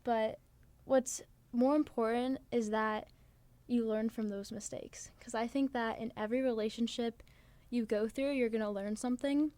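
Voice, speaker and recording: A woman's voice: fairly high pitch, steady tone, moderate pace, few pauses, darkish tone, dry recording. A teenage girl from New Jersey co-hosting a podcast, chatting earnestly with lots of "like" fillers. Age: teens. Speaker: podcast co-host. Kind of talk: casual chat.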